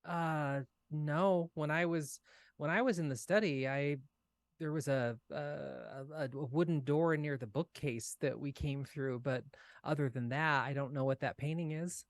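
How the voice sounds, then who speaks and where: A man voicing a captive winged female bard who speaks in halting, hesitant phrases. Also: on the high side, dry recording. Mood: weary.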